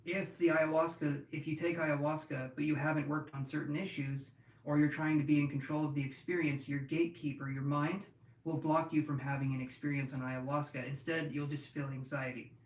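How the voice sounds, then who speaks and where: A man with a slightly high voice rambles through a casual live-stream chat, addressing his viewers directly and restarting his sentences often. His voice rings in an echoey room and sounds set back from the mic. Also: level tone, a little fast, far from the mic. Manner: rambling, talks straight to viewers, with many restarts. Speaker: tarot reader hosting a live stream.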